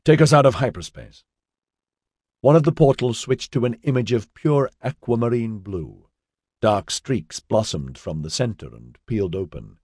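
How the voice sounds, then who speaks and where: A man narrating an audiobook in a measured storytelling manner, voicing all the characters. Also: lowish voice, expressive, mellow, breathy edge, no room sound, studio quality. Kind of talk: scripted narration.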